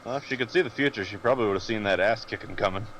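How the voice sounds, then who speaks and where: A man's voice: on the low side, very fast, a crowd in the background, poor audio. A man playing a tabletop game, teasing the others and laughing often. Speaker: player.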